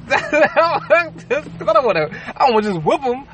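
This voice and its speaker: A young adult man co-hosting a podcast, talking in a casual, profane and animated way, acting out quotes as he tells stories. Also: sits high, moderate pace, noisy background. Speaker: podcast co-host. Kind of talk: casual chat.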